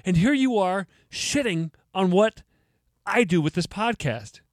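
A man's voice: sits high, lively intonation, measured pace, dry recording, studio quality. A man hosting his own podcast, joking and mock-indignant, laughing at his own jokes. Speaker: podcast host. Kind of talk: casual solo podcast talk.

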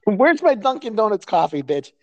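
A woman's voice: mid-range voice, big pitch swings, moderate pace, a little mellow, highs cut off. Profane, ranting woman co-host. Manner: crude, profane ranting, laughs often. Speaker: podcast co-host. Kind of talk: casual chat.

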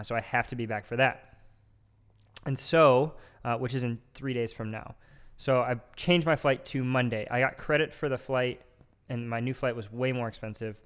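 On a casual podcast, a young man hosts and spins a lengthy personal story in a smooth, clear voice of medium pitch. Filler words stack up as he rambles, but his animated energy keeps him moving forward.

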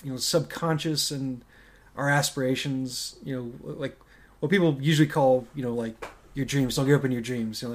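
A man co-hosting a casual movie-discussion podcast, talking in a loose, rambling way with frequent fillers and restarts. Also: medium pitch. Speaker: podcast co-host.

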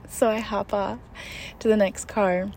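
A young woman recounts a trip in a chatty, animated storytelling voice at a middling pitch. She laughs often and acts out the lines of people she met. Faint noise hums underneath. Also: takes it slowly. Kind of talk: casual spoken storytelling.

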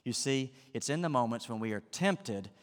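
A man's voice: medium pitch, expressive, normal speed, long reverb tail. A man preaching a sermon as a pastor, acting out the voices in the story with drama.

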